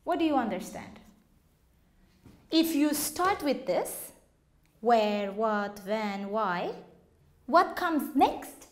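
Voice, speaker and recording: A woman teaches an English class, speaking slowly and patiently to her students. Her voice sits high, and the classroom gives it a noticeable echo. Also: sing-song. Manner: slow, patient explaining with questions to students. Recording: echoey classroom.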